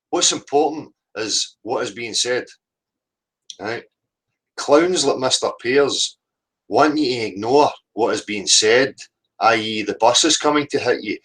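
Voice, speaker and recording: A man's voice: mid-range voice, expressive, measured pace, fairly bright tone, slightly rough, poor audio. A man hosting a livestream, combative and sweary, repeatedly asking "right?" as he rants. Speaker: livestream host. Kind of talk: heated livestream rant.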